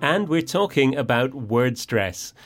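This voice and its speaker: A man co-hosts a scripted language lesson. His delivery is friendly and playful, and his pitch swings widely up and down as he explains. The tone stays light even through the teaching parts. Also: takes it slowly, faint music behind. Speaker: co-host.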